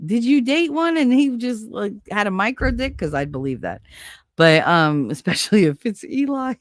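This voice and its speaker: A woman's voice: medium pitch, sing-song, moderate pace, dry recording, studio quality. A woman hosting a casual livestream, chatting and joking while reading viewer comments, her voice nasal from a stuffy nose. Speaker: host.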